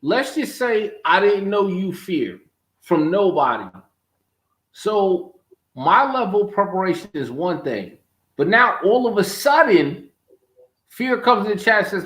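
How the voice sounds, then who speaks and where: A man's voice: high voice, very animated, a little slow, fairly bright tone, echoey room. A man co-hosting a live gaming talk show, talking trash in a profane, emphatic way. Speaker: show co-host. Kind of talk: trash-talking casual chat.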